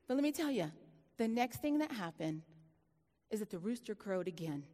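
A woman preaching a sermon, telling a personal story with lively laughter and sudden hushed, dramatic drops. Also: medium pitch, moderate pace, pauses often, big-room sound.

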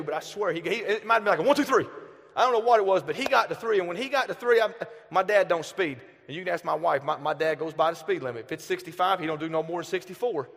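A man in his thirties with a Southern accent, preaching a storytelling sermon, animated, swinging from loud bursts to hushed asides. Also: sits high, fast talker. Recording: long hall reverb.

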